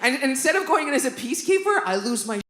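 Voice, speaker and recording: A woman comedian from Canada performing a stand-up routine on a club stage, animated, with loud outbursts and constant asides to the crowd. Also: sits high, rapid-fire. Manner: animated, loud outbursts, constant "right?" and "you know what I mean?". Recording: roomy live club recording with noise.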